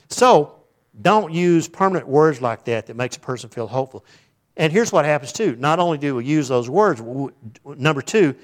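A man preaching a sermon as pastor, animated, breaking into quoted voices and joking asides. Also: mid-range voice.

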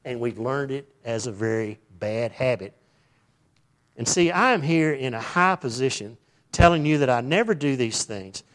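A man preaching a sermon as pastor, animated, breaking into quoted voices and joking asides. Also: medium pitch, moderate pace.

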